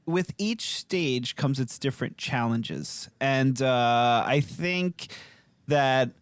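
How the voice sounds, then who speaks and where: A man's voice: medium pitch, slow, no echo. A man co-hosting a parenting podcast, talking in a rambling, earnest way and laughing easily. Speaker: podcast co-host. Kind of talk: casual podcast chat.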